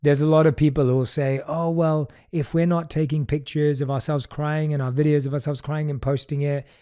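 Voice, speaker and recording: A man hosting an interview, asking calm, reflective questions and often softly agreeing while his guest talks. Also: fairly high pitch, brisk, clear, resonant tone. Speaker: podcast host.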